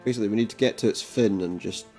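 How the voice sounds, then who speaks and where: A man doing casual gameplay commentary, reading the game's dialogue aloud in a flat voice with dry, jokey asides. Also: on the low side, racing, soft background music. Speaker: let's play commentator.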